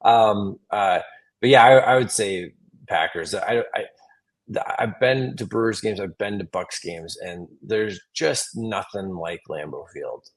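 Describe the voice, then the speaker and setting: A comedian from Wisconsin with a Wisconsin accent, chatting in an interview and telling stories with lots of restarts and laughs. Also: male voice, fairly low pitch. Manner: animated storyteller, quick restarts and laughs. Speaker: comedian guest. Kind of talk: casual interview chat.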